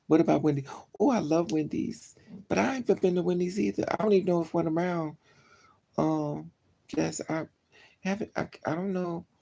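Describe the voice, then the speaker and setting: A vlogger telling a story in a casual chat, animated and gossipy, acting out both sides of the conversation. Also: mid-range voice, moderate pace, vocal fry.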